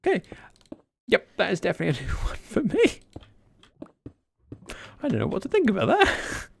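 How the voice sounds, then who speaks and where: A man's voice: high voice, huge pitch swings, moderate pace, gravelly, a little hiss or hum. A British man chatting casually on a game livestream, reading viewer messages aloud with dry, self-mocking humour. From Britain. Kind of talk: casual livestream chat while gaming.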